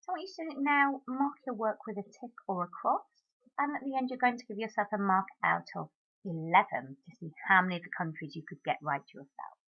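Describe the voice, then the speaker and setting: A woman French teacher talking her class through marking answers in a recorded lesson, modelling each French word clearly. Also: mid-range voice, brisk, dull audio.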